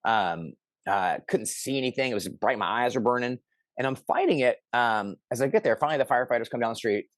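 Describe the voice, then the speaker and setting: Middle-aged male storyteller, animated, mid pitch, dry booth sound. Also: fairly quick, dry recording. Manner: animated, acts out quoted lines loudly. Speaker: interview guest. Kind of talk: casual storytelling.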